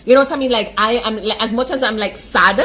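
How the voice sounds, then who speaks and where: A woman's voice: a little high, pushed and bright. Chatty woman, emotional. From Jamaica. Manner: emotional, chatty, peppered with "like", quick laughs. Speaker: sports reaction commentator. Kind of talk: casual chat.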